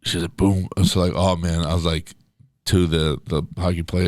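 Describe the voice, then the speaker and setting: Low-voiced man telling a party story. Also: level tone, normal speed, no room sound. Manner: laid-back storyteller, drops into quoted voices. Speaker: podcast co-host. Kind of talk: casual chat, storytelling.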